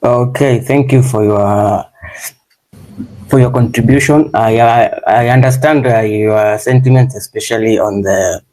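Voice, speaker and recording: A man moderating an online discussion, speaking in a measured, hesitant way with many fillers. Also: mid-range voice, dark tone, poor audio.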